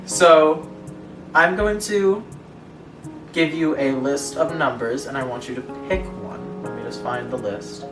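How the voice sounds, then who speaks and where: A woman's voice: low voice, measured pace, distant mic. A young woman co-hosting a casual chat show, reading posts aloud with sarcastic asides and frequent laughter. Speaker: podcast co-host reading stories. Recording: echoey room, voice off-mic, faint music.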